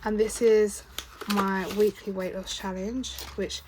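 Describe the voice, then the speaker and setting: A woman's voice: medium pitch, level tone, slow. A British woman talking through her savings in a casual vlog, chatty and counting aloud, sometimes stopping to correct herself. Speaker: budgeting vlogger. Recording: clear background noise with keyboard clicks.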